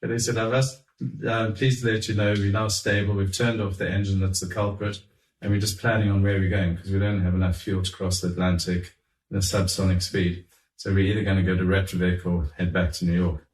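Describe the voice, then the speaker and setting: A middle-aged man telling anecdotes in an animated, chuckling way, acting out what others said. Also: deep voice, brisk. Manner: animated, chuckling raconteur who acts out quotes. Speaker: guest telling stories. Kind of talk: anecdotal storytelling. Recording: roomy, distant mic.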